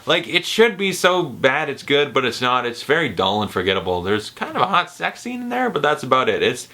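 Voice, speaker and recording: A man's voice: mid-range voice, big pitch swings, brisk, sharp tone. A young man ranting through a casual movie review, profane and sarcastic, laughing often.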